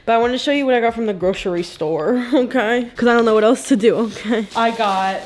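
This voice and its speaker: Young woman vlogger, bright higher voice, chatty and giggly, casual swearing, close to camera at home. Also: a little fast, slight background noise. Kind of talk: casual vlog chat to camera. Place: at home, indoors.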